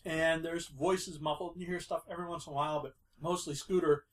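A man narrating as game master of a tabletop game, relaxed and laughing often. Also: on the high side, a little fast.

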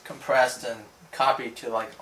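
A man's voice: mid-range voice, level tone, a little slow, fairly bright tone. A man playing in a tabletop game, chatting casually and joking. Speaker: player. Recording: echoey call audio, faint noise.

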